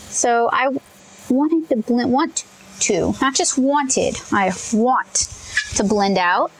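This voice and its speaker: A young woman from Louisiana, chatting casually as she paints, thinking out loud and correcting herself as she goes. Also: fairly high pitch, low-quality recording. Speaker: comic artist testing paints.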